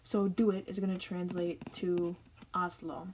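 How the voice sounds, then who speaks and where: A woman's voice: lowish voice, little pitch movement, a little slow, a little mellow, slight background noise, rough recording. A young woman teaching Spanish grammar in a casual, chatty explainer style, walking through each step.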